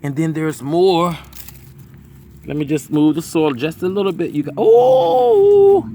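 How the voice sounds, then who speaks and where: A man casually vlogging about his garden outdoors, talking excitedly to his viewers into a phone camera. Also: a little high, measured pace, a little hiss or hum. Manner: excitable, chatty, keeps saying "y'all".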